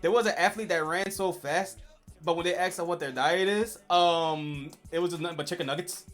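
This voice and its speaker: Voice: mid-range voice, brisk, fairly bright tone. A casual streamer talks in a mid-range voice, rambling through a tier list with plenty of "like" and "uh" and restarting sentences. Faint music plays behind the voice. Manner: rambling, filler-heavy, with many restarts. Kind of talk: casual livestream chat.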